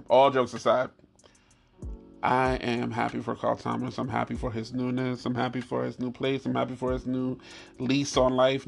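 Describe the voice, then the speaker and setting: Gravelly man telling stories with laughs. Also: mid-range voice. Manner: animated, laughing, swears freely, repeats phrases. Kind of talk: casual comedic storytelling.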